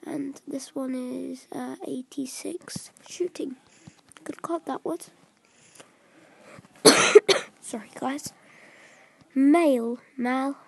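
A woman giving casual commentary while opening card packs in a video game, often dropping into soft whispers and stumbling over names. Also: sits high, very slow, vocal fry, long pauses, breathy edge. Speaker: gaming video creator.

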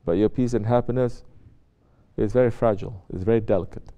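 A man's voice: fairly low pitch, fairly even intonation, fairly quick, dark tone. A man giving a spiritual sermon as a Sufi sheikh, talking conversationally and asking his listeners rhetorical questions. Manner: conversational, asks rhetorical questions and acts out quotes.

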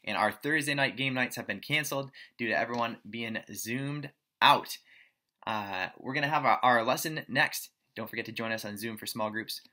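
A man reads out brief, friendly announcements for a youth group. His voice sounds very bright and forward. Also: mid-range voice, moderate pace.

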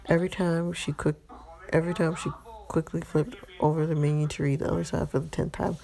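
A woman reading an interactive story game aloud in a steady, low-key way. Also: fairly quick, vocal fry.

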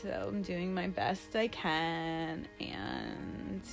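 A young woman hosting a casual livestream from home, chatting to viewers in a rambling, expressive way with lots of fillers. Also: on the low side, drawn-out words, gravelly, music in the background. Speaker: livestream host. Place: at home, indoors.

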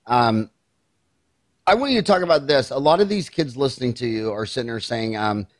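An older man from Kansas hosting a podcast interview, asking blunt, animated questions. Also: medium pitch, fairly quick, no echo. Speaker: podcast host. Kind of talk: casual interview.

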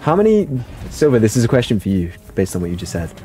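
A man's voice: fairly low pitch, huge pitch swings, quick pace, mellow, soft background music. A young man chatting playfully through a gaming livestream and answering his viewers' chat aloud. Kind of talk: casual livestream commentary.

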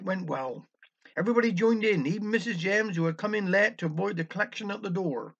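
A man's voice: high-pitched, fast, husky. Wry Cornish man telling a dialect story. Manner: wry, anecdotal. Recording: dull lo-fi recording.

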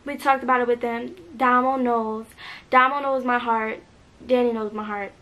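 A teenage girl talking hesitantly and earnestly in a home video, with many pauses and fillers. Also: a little high, steady tone, bright, forceful tone. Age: teens. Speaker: vlogger. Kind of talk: emotional apology video.

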